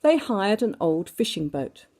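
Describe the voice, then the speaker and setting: A woman reading a storybook aloud to children in an animated way, doing sound effects and asking the listeners questions. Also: mid-range voice, unhurried.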